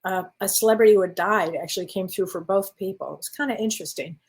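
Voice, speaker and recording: A woman's voice: medium pitch, fast, a little hiss or hum. A woman working as a spiritual medium, giving card readings in casual, affectionate chat and calling listeners honey.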